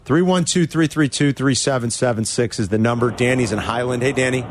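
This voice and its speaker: A man's voice: medium pitch, background noise. A man co-hosting a sports talk radio show, bantering agreeably with callers and his partner. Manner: agreeable, quick back-and-forth.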